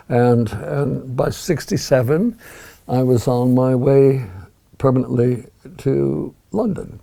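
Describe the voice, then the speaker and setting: An older man with a gravelly, husky voice, talking as an interview guest and musing over his memories with frequent restarts. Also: medium pitch, fairly even intonation, slow, mellow. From United States. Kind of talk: reminiscing interview talk.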